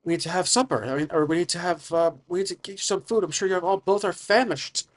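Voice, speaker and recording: Kind, eager mother figure with a lifted voice, as a man puts her on for a solo tabletop game. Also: fast talker. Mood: welcoming. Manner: high-pitched, eager and welcoming. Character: kind warm-hearted middle-aged woman.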